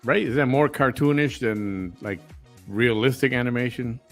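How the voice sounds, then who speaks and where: Male host, mid-pitched, relaxed and laughing easily, late-night chat, faint music under. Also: moderate pace.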